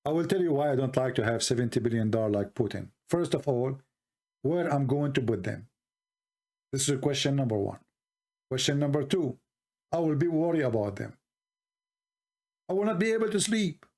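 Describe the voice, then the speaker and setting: Here a Middle Eastern man with an Arabic accent, working as an online commentator, rattles off a sarcastic monologue with plenty of rambling asides. His mid-range voice is animated and a little mellow, and he talks a little fast.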